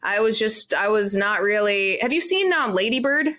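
A woman's voice: medium pitch, lively intonation, normal speed, fairly bright tone. A woman hosting a talk show, chatting playfully with her guest in a loose, filler-heavy way. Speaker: show host. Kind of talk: casual interview chat.

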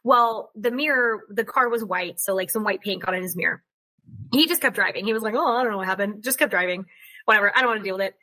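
Bright, chatty woman in her thirties. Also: medium pitch, fast. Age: 30s. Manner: chatty and animated, laughs often, quotes people in other voices. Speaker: podcast host. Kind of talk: casual chat, telling a story.

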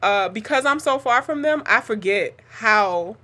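A woman's voice: fairly high pitch, expressive, unhurried. A woman in a casual conversation, speaking sincerely with many fillers. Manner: warm, chatty, filler-heavy, sincere. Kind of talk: casual chat.

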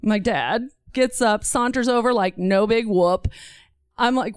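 Speaking at a moderate pace in a smooth, fairly high voice, a woman from Texas recounts a true story to a live audience from the stage. She's animated and imitates the voices of the other people involved, and the audio is dry and studio quality.

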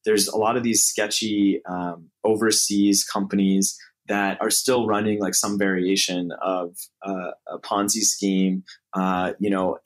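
A man with a fairly low voice answers interview questions in a relaxed, conversational way. He hesitates often, restarting phrases and filling pauses as he thinks aloud. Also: low-quality recording. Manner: hesitant, many fillers and restarts. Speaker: interview guest, startup co-founder. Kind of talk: casual interview talk.

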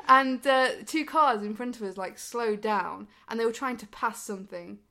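A woman's voice: a little high, measured pace, sharp tone. Giggly self-deprecating woman co-host. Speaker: podcast co-host. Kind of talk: casual podcast chat.

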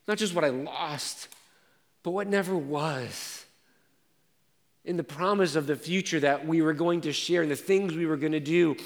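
Pastor preaching in a reverberant hall. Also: male voice, fairly high pitch. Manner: personal storytelling with swings from quiet to intense. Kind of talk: sermon.

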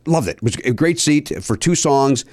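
A man telling a long story in casual podcast chat, animated and a bit profane, with high mock voices for people he quotes. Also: moderate pace, no echo, studio quality. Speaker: podcast host.

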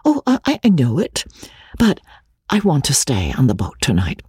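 A woman's voice: extremely low pitch, huge pitch swings, normal speed, mellow, husky, no room sound, full character voice. A woman voicing a distressed middle-aged woman in an audiobook, speaking in an urgent, pleading way. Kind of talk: audiobook character voice.

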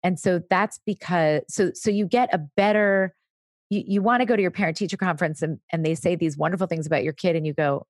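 Low-voiced woman explaining parenting. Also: fairly quick, dry recording, studio quality. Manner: explanatory, briefly acts out parent and child lines. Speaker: parenting expert guest. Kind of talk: casual chat.

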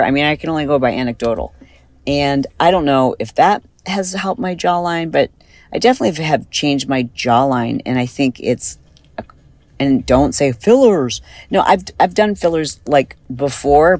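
A woman podcast host chatting casually in a car, rambling and animated, with a slight lisp from recent dental work. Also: low-pitched, moderate pace, dry recording, poor audio. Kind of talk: casual chat, recorded on the go.

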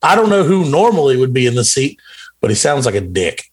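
A man's voice: mid-range voice, sing-song, fairly quick, husky. A man playing a boastful macho man who applies to be the show's newsman, bragging and insulting the others. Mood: swaggering. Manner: brags and insults, bossy.

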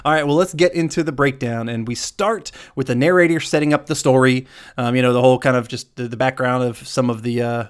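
A man co-hosting a casual podcast, animated and joking, laughing often as he talks. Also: medium pitch, a little fast, clean tone. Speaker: podcast co-host.

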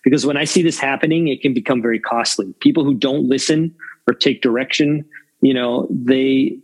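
A man's voice: medium pitch, moderate pace, breathy edge, poor audio. A man in his fifties, a longtime film crew veteran, giving candid, reflective interview answers full of fillers. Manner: reflective, rambling with many fillers.

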